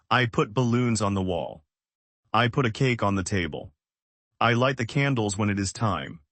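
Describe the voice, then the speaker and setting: A man reading a simple, scripted English lesson and asking learners to repeat after him, in plain, even sentences. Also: fairly low pitch, no room sound. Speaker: English teacher.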